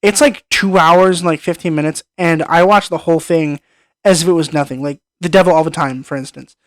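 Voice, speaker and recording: A man's voice: on the high side, steady tone, a little fast, no echo. A young man giving an enthusiastic, rambling film review, often repeating his words. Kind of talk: casual film review monologue.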